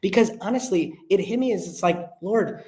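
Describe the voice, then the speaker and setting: A man's voice: high voice, moderate pace. Earnest young man in a roomy space. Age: young adult. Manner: earnest, animated storyteller, acts out quoted voices. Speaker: podcast guest. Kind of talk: casual storytelling chat. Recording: roomy echo.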